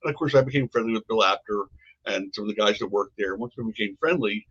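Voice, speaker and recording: A man's voice: on the low side, fast talker, a bit bright, slightly rough. An older man, a podcast guest, telling rambling stories from his past with frequent restarts. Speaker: podcast guest, former wrestling promoter. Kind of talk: casual storytelling conversation. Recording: dull lo-fi podcast audio.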